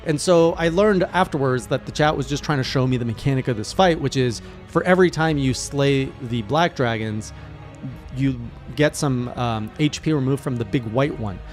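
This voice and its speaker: A man, a gaming streamer, recapping his playthrough in casual narration with animated, excited reactions. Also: medium pitch, normal speed, faint music behind.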